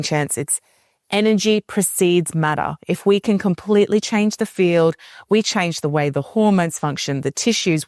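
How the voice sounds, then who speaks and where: A woman's voice: lowish voice, no echo, clean studio sound. A woman speaking as a podcast guest, explaining in an earnest, conversational way and livening up when she retells what people told her. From Australia. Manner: earnest, animated when retelling clients' words.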